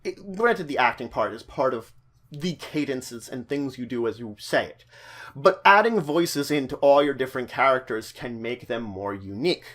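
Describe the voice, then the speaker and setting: A man giving animated, stop-start advice on running a tabletop game as dungeon master. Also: medium pitch, moderate pace. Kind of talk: tutorial talk.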